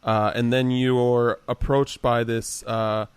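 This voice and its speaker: A man recaps a game story in a relaxed podcast chat, pausing often on "uh." His voice is clear and smooth. The sound is dry and close. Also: medium pitch, dry recording. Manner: relaxed recap with many "uh" pauses. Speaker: podcast co-host.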